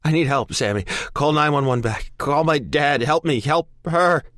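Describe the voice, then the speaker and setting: A man's voice: fairly high pitch, animated, fairly quick, dry recording, studio quality, pitched above the performer's own voice, close to an everyday voice. Man voicing a frantic panicked young man. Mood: pleading. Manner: frantic, shouting, pleading.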